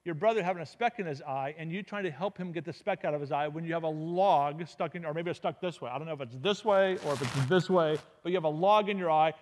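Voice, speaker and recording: A man speaking to a church congregation as a guest speaker, telling a story in a lively, humorous, anecdotal way. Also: a little high, fast, few pauses. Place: church sanctuary. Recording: long hall reverb.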